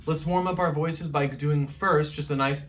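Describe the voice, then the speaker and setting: A man teaching an online music lesson to young children, encouraging them through vocal warm-ups. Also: fairly high pitch, steady tone, moderate pace, distant mic, slight background noise.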